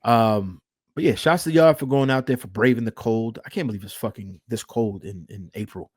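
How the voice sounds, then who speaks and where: A man's voice: lowish voice, moderate pace, darkish tone, breathy edge, dry recording, studio quality. A man co-hosting a podcast, telling stories in loose, profane casual chat. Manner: profane, laid-back storyteller. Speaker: podcast co-host.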